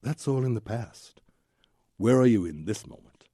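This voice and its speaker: A man's voice: mid-range voice, expressive, normal speed, mellow, slightly rough, no echo, studio quality. A man, a Zen Buddhist teacher, telling his own story as an interview guest in a candid, rambling way with tumbling lists of memories.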